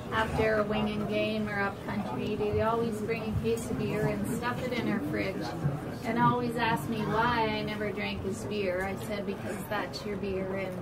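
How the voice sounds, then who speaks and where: A woman with a Canadian accent sharing a halting, soft-spoken memory of a friend at a memorial gathering. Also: mid-range voice, little pitch movement. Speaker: speaker's wife giving a memorial tribute. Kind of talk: hesitant memorial speech. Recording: distant mic, loud room noise.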